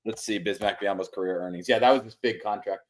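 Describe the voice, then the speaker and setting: A man co-hosting a casual sports podcast, telling stories in a worked-up, profane way. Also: lowish voice. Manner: fast, worked-up, profane storyteller. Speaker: podcast co-host.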